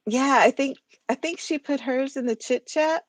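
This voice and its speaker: A woman's voice: high voice, moderate pace, dry recording. An American woman with a slight Southern drawl co-hosting a poetry livestream, chatty and giggly as she reads out viewer comments. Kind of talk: casual chat.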